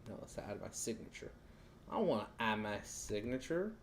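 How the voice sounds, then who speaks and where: A man's voice: lowish voice, very animated, normal speed, a little hiss or hum. A man giving a casual live-stream lesson on credit, chatting loosely and talking while he fumbles with his screen.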